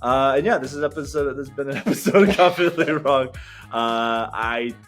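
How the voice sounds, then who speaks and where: A man's voice: medium pitch, fairly quick. A young man co-hosting a comedy podcast, rambling and joking in casual chat, with faint music behind him. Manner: rambling, joking, mock-grandiose bits. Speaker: podcast co-host.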